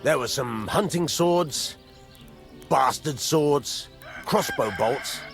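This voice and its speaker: An actor playing a gruff middle-aged blacksmith who grumbles and curses, in a video game. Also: male voice, on the high side, slow pace, fairly bright tone, soft background music, heavily acted. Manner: gruff, cursing.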